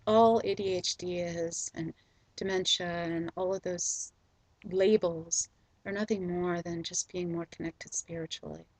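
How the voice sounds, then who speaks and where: Middle-aged woman, husky voice, gentle slow storytelling, dry close sound. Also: lowish voice, fairly even intonation, dry recording, poor audio. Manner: soft, slow and gentle with frequent ums. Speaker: spiritual video host. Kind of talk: reflective personal storytelling.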